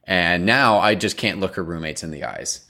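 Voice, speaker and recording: Young male storyteller, deep, low register, casual and animated, filler-heavy. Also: normal speed. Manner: animated, rambling with many fillers. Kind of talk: casual chat, telling an embarrassing story.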